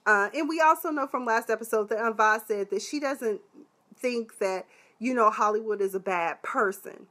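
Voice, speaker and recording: A woman reviewing a TV episode in a casual live chat, animated and sassy, with lots of exclamations. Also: a little high, moderate pace. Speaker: TV show reviewer.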